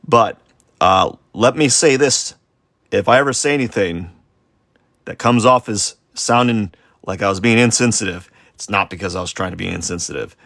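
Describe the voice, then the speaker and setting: A man with a low, gravelly voice talks loosely as he draws on a livestream. He wanders off topic, pokes fun at himself and restarts his sentences often. The sound is close and dry, with no room around it. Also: normal speed, a bit bright, no echo. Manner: rambling and self-deprecating, with many fillers and restarts. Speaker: artist streaming a live drawing session. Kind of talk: casual rambling chat while sketching.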